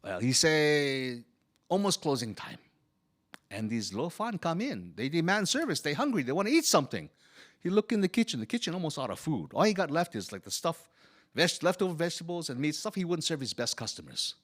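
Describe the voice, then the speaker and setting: A man's voice: on the high side, sing-song, fairly quick. A storyteller playing a humble Chinese immigrant man. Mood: wistful. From Hawaii. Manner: broken immigrant English. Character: male Chinese immigrant laborer, humble and good-humored. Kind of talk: first-person character storytelling.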